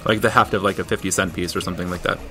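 A man running a tabletop game as game master, chatty and quick to laugh. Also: low voice, fairly even intonation, fairly bright tone, faint music behind. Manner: laughs often, loose and chatty.

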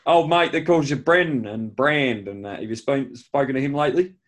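A man's voice: medium pitch, moderate pace. An Australian man co-hosting a podcast, chatting casually and teasing his friend. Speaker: podcast co-host. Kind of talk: casual chat.

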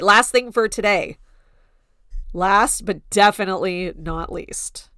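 Chatty woman podcast host, low voice. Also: a bit bright, no room sound, studio quality. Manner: chatty, lots of "like" fillers, mocking quotes. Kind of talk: casual gossip chat.

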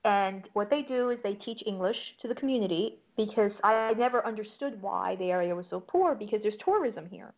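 A woman chatting casually as a guest, telling anecdotes in an easy, talkative way. Her voice sits at a middle pitch. The audio is a bit dull and lo-fi. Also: lively intonation, brisk, hardly any pauses. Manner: chatty storyteller. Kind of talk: casual conversation.

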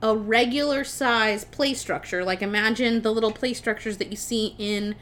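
A young woman casually retelling a movie plot on a podcast, animated and chatty, with lots of fillers and swearing. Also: on the high side, normal speed. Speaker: podcast co-host. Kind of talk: casual film recap.

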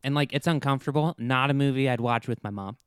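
An easygoing, enthusiastic man talking through a film on a casual podcast. His voice is smooth and clear, recorded close and dry. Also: mid-range voice, fast, no echo. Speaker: podcast co-host.

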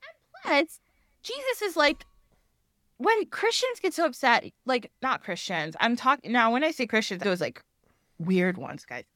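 A woman's voice: a little high, sing-song, measured pace, fairly bright tone, dry recording, studio quality. A woman hosting a podcast, chatting casually, rambling and laughing often as she acts out other people's voices. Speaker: podcast host. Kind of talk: casual chat.

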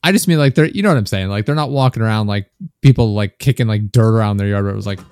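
A man's voice: on the low side, fast, a little mellow, clear, resonant tone, no echo, clean studio sound. A young man, a podcast guest, chatting casually and telling rambling anecdotes with chuckles.

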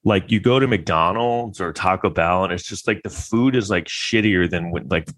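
A man's voice: low voice, normal speed, a bit bright. A man talking in a rambling, wry casual monologue, full of fillers and restarts.

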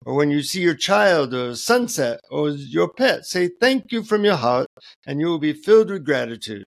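A man voicing a solemn male Indian guru with an Indian accent, speaking slowly and serenely. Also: on the high side, big pitch swings, creaky. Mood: serene, stern.

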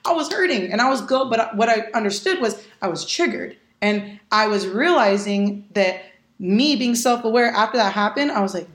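A young adult woman guesting on a podcast tells casual stories, acting out dialogue with animation, swearing freely and laughing often. Her voice sits fairly high and moves at a normal speed. The room she's in is echoey.

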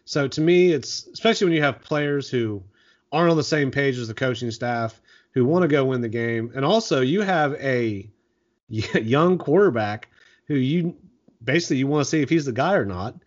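A man co-hosting a casual sports talk show, recapping and analyzing in a measured way. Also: medium pitch, animated. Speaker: podcast co-host. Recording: dull lo-fi sound.

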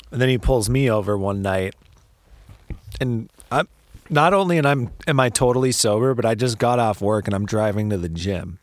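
A man's voice: fairly low pitch, no room sound. A podcast host spins a story in a loose, profane way. He laughs often and acts out the voices of the people in it. The mic is close and dry.

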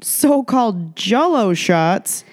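A woman's voice: mid-range voice, big pitch swings, slow, a little mellow. A woman co-hosting a podcast in casual, profane chat, laughing often as she tells stories. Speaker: podcast co-host.

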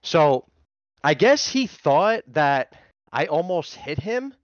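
An excitable man tells a profane street story in a mid-range voice. His recording is dry with no room sound. The sound is a little dull and muffled. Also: fairly high pitch, slow pace, no echo. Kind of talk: casual storytelling chat.

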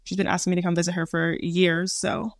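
A woman's voice: on the low side, flat delivery, fairly quick, vocal fry, dry recording, studio quality. A young adult woman co-hosting a podcast in casual chat, matter-of-fact and a little teasing. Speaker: podcast co-host.

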